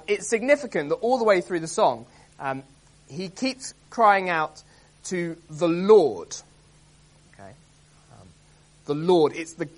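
A man preaching an expository sermon, earnest and emphatic, reading scripture aloud with dramatic stress and often pausing with um and uh. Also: a little high. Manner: earnest, emphatic, many ums and uhs.

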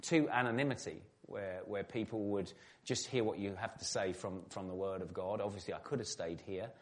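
Low-voiced middle-aged english guy, chatty interview answers, self-deprecating, lots of restarts. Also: moderate pace. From England. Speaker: guest, former footballer turned pastor. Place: evening event hall.

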